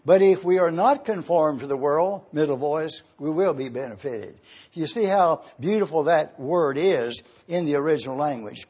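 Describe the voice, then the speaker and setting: A man preaching an expository sermon, slowly spelling out Greek words letter by letter as he teaches. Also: fairly high pitch, a little mellow, breathy edge, muffled recording.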